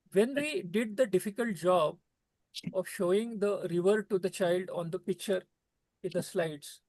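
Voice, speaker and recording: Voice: medium pitch, no room sound. A trainer gives an earnest, repetitive talk to teachers over a video call. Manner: repetitive, emphatic, preachy phrasing.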